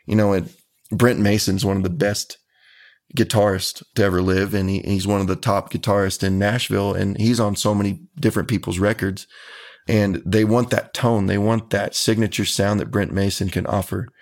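A man, a country musician, answering interview questions about his music in an earnest, folksy, measured way. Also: fairly low pitch, level tone.

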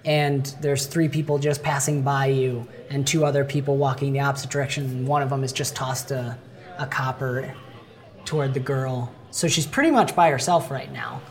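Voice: mid-range voice, steady tone, normal speed. A game master narrating a tabletop game in a casual, chatty way. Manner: casual, chatty, many fillers and restarts.

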